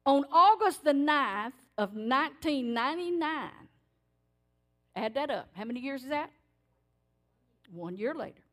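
An older woman giving a sermon in church, telling stories in an animated, emphatic way. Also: high-pitched, measured pace, pauses often. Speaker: church speaker. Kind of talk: sermon testimony.

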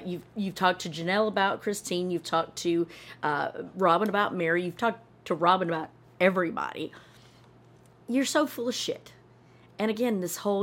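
A woman hosting a podcast, giving a blunt, exasperated reaction to a TV episode, swearing often. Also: fairly low pitch. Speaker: podcast host reacting to a TV show. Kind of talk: ranting reaction commentary.

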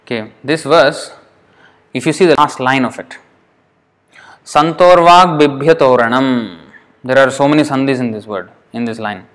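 A man teaching Sanskrit pronunciation to a class, patient and repetitive, drawing words out slowly to demonstrate them. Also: medium pitch, a bit bright. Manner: patient, repeats words slowly to show how they sound.

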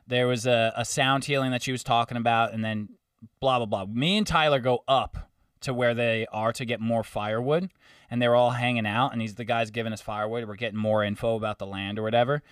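A man telling a long story in casual podcast chat, animated, swearing and mimicking the people he met. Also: medium pitch, fairly quick, clean tone, no echo, clean studio sound, recorded from a distance.

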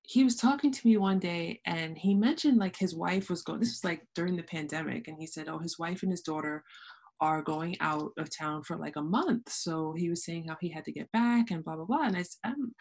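A woman's voice: fairly low pitch, brisk, a little mellow. A woman hosting a podcast, telling stories animatedly, acting out quotes and laughing often. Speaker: podcast host. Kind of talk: casual conversational interview.

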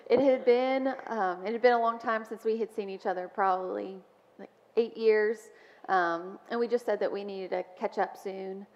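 A woman's voice: medium pitch, steady tone, normal speed. A woman sharing a personal testimony in church, speaking in a storytelling way with frequent ums. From Mobile, Alabama. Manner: warm storytelling with frequent ums and soft laughs. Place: church sanctuary. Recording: dull sound with long church reverb.

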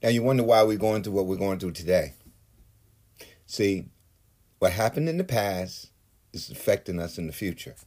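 Husky man on an angry, profane rant. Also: deep voice, animated, moderate pace, long pauses, darkish tone. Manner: heated, swearing, builds to outbursts. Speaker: political commentator.

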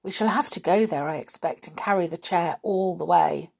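A woman's voice: on the low side, moderate pace, creaky, a little mellow, husky. A woman voicing an anxious, earnest young girl in a children's storybook. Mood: impatient.

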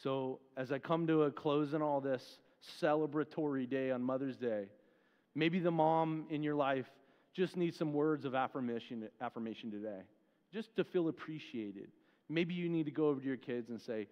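A man's voice: mid-range voice, normal speed. Earnest man preaching in an echoey hall. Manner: earnest, informal, with casual fillers. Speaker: outreach pastor. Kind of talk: conversational sermon. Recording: echoey hall, dull muffled sound.

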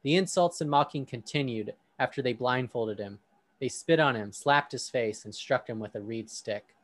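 A man's voice: mid-range voice, normal speed. A man hosting a discussion, reading a scripture passage aloud with emphasis on quoted speech, then talking casually. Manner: reads with emphasis on quoted lines.

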